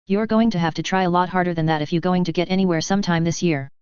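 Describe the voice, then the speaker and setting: A woman's voice: lowish voice, fast, a little mellow, clean tone, no echo, muffled recording, lightly acted. A woman voicing a defiant alien female mercenary leader who speaks with hissing scorn in a story reading.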